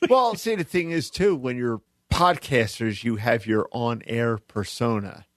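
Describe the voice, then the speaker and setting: A man co-hosting a podcast in casual chat, chiming in with quick quips. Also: medium pitch, a bit bright, no room sound, studio quality. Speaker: podcast co-host.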